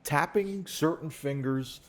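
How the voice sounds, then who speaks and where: A man's voice: fairly high pitch, slow pace. A man co-hosting a podcast in a studio, chatting casually and rambling, with lots of restarts and asides. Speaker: podcast co-host. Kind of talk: casual chat. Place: podcast studio set in a recording studio.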